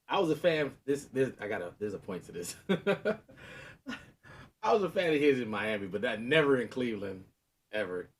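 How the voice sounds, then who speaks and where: Laughing man telling a story. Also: deep voice. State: sore knee. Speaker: podcast co-host. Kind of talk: casual storytelling chat.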